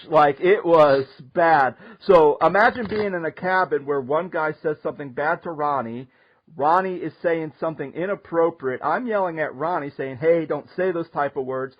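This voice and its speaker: A man hosting a casual talk show, telling a story in an animated way and laughing often. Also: a little high. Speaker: podcast host. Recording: muffled lo-fi audio.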